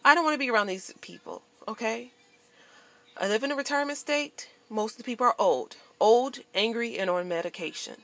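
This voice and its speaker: A woman vlogger venting to camera in a blunt, profane, animated monologue. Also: on the high side, brisk.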